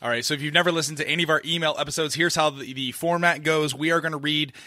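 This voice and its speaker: A man's voice: fairly high pitch, fairly even intonation, fast talker, sharp tone, no echo, studio quality. A man from Florida co-hosting a podcast, chatting loosely with lots of fillers and restarts. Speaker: podcast co-host. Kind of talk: casual podcast chat.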